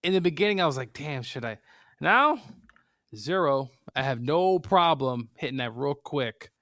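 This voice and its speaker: A laid-back man co-hosts a casual sports podcast and mostly answers with short, easy agreement. His voice is smooth and resonant, recorded dry with no room sound. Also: fairly high pitch, expressive, moderate pace, a bit bright, no room sound. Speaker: podcast co-host.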